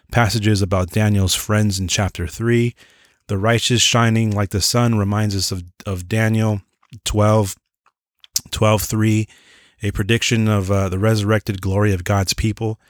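A man with a fairly low voice teaches a Bible lesson. He reads from his notes in an earnest way, trips over words and corrects himself, and drops in casual asides. The sound is dry and close, with no room echo. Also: flat delivery, unhurried. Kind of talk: reading notes and explaining, with asides.

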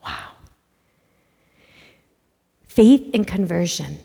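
A woman giving a religious talk to children, telling stories with dramatic hushed asides. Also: fairly low pitch, huge pitch swings, very slow, vocal fry, husky. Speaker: catechist speaking to kids. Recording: long hall reverb.

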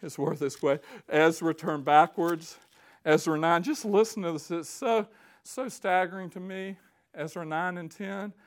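Man, preacher, high-pitched voice, fervent sermon, hushed to impassioned, slow scripture reading. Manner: fervent, swings from hushed to near-shouting; reads scripture aloud with slow emphasis.

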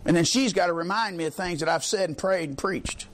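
A man's voice: high-pitched, expressive, normal speed, a little hiss or hum. A middle-aged man preaching a sermon in an emphatic, rhetorical call-and-response manner.

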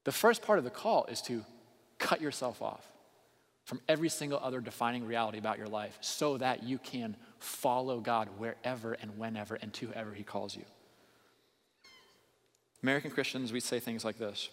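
A man preaching a sermon as pastor, earnest, moving between quiet intensity and raised emphasis. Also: mid-range voice, normal speed. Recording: long hall reverb.

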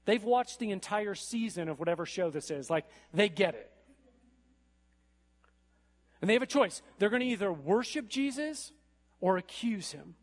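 A man preaching a sermon in an animated way, building to emphatic peaks and often checking in with "right?". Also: sits high, normal speed.

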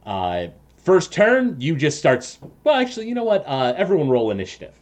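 A man serves as game master for a tabletop game. He narrates haltingly and restarts often, and his voice rises and falls in lively swings. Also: a little high. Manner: halting, many fillers and restarts.

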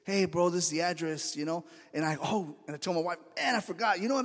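Preaching man with a high voice in a reverberant church. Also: expressive, fast, hardly any pauses. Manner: conversational storytelling, acts out quoted voices. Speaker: pastor. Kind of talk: sermon. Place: church sanctuary.

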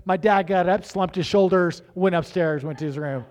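A middle-aged man preaching as a pastor, telling family stories with halting restarts and acting out the dialogue. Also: high-pitched. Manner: animated, acts out dialogue in raised voices; halting restarts and repeated words. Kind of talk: storytelling sermon.

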